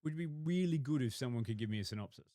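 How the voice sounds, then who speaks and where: A man co-hosts a casual podcast and dismisses things with curt verdicts. His voice moves lively up and down. The sound is dry and close. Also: medium pitch, fast, no echo. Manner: blunt, dismissive one-word verdicts. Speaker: podcast co-host.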